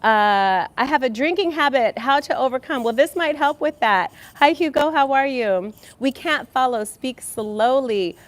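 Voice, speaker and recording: Lady hosting a health livestream on a headset, kinda high voice, super bubbly, calls everyone baby. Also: animated, moderate pace, few pauses, no room sound. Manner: bubbly, greets chat viewers warmly with terms like baby and kisses. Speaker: livestream host. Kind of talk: casual livestream chat. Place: home, Los Angeles.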